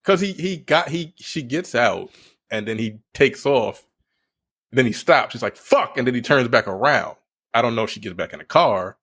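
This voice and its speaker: A man co-hosting a casual film review podcast, relaxed, who jumps into sudden high voices when acting out lines. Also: moderate pace, breathy edge. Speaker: podcast co-host.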